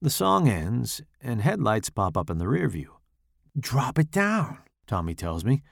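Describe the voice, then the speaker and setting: A man narrating a first-person short story in a measured, dry way. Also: on the low side, very animated, creaky, husky, dry recording. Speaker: podcast host reading his own story.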